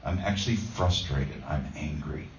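A man's voice: rumbling low, normal speed, a little hiss or hum. A man preaching a conversational sermon, telling a homey story with many ums and restarts. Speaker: pastor. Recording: roomy distant dull sound.

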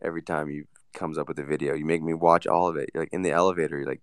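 A sarcastic man teases his friends in loose, casual chat. His voice is very low, smooth and resonant, and the recording is dry. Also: fairly even intonation, very fast, no echo. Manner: teasing, sarcastic.

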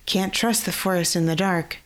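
Timid storybook guard, soft and scratchy, apologetic, voiced by a woman. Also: lowish voice, moderate pace, lightly acted. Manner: hesitant, apologetic. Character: gentle elderly-sounding male camp guard, nervous.

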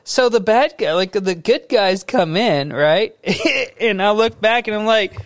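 Man, podcast co-host, lively up-and-down delivery, unhurried, dry close sound, laughs through the story. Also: high voice, no room sound. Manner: animated storyteller, laughs often. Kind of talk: casual chat.

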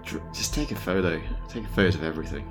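A man's voice: deep voice, lively intonation, fast, soft background music. A man playing a tabletop role-playing game, making dry jokes as he chats. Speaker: player. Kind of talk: casual tabletop game chat.

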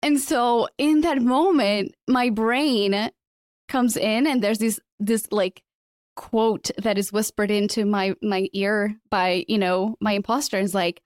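A woman whose first language is Portuguese, hosting a podcast and telling stories in a lively, casual way. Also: mid-range voice, unhurried, smooth, dry recording, clean studio sound. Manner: animated storyteller. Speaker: podcast host. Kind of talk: casual interview chat.

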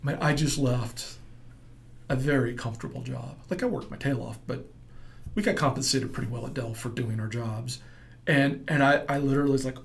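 A middle-aged man with a gravelly, rough edge tells his story in a relaxed interview. He rambles and acts out what others said to him. His pitch sits in an ordinary middle range. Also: fairly quick, slight background noise. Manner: rambling, animated storyteller acting out quotes. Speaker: entrepreneur guest.

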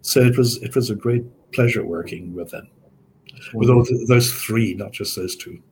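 A man's voice: mid-range voice, normal speed, darkish tone, slight background noise. A man speaking at a convention, fondly praising the people he used to work with. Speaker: actor recalling castmates. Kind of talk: convention talk.

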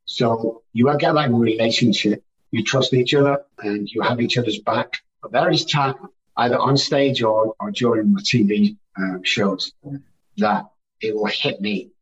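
A man's voice: mid-range voice, a little slow, a bit bright. A man being interviewed, telling personal stories in an emphatic style and repeating phrases for effect. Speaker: guest, addiction recovery speaker. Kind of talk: conversational interview storytelling. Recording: distant, muffled remote audio.

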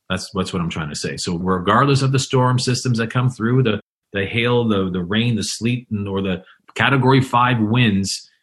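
Man, podcast host, low voice, conversational, storytelling. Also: a bit bright. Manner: tells an anecdote with acted quotes. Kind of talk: conversational interview.

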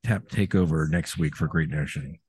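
A man's voice: rumbling low, moderate pace, a little mellow, breathy edge. A man hosting a podcast from a brewery taproom over a laptop video call, chatting casually over beers with lots of fillers and restarts. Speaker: podcast host.

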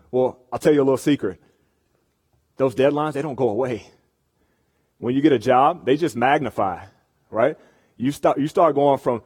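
Speaking to college students in a meeting room full of listeners, a young man from campus ministry delivers a relaxed sermon. His voice is medium in pitch, a little mellow and husky, at a normal pace with frequent pauses, and he regularly checks in with the audience.

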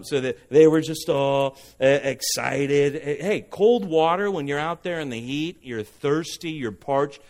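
Man as an animated pastor with a slightly high voice, preaching a sermon and drawing responses from the congregation. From Southern California.

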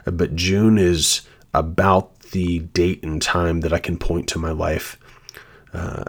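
Slow and flat in delivery, a low-voiced man hosts a devotional podcast. He shares his personal testimony in an earnest, reflective manner.

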